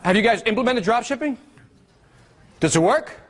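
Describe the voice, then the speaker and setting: A man giving a live marketing seminar, animated and teasing, drawing call-and-response from his audience. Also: very high-pitched, normal speed.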